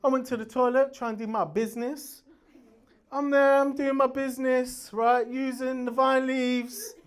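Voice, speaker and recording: Brash, animated stand-up comedian. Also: male voice, extremely high pitch, normal speed, clean tone. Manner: brash, animated storytelling with sound effects and voices. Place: comedy venue with live audience. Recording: crowd audible in the background. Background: audience laughter.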